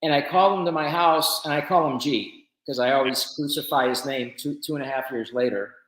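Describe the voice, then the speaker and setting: A man's voice: mid-range voice, fairly quick, a bit bright, reverberant, poor audio. A man, a business founder, tells his story casually in an interview and acts out the conversations he quotes.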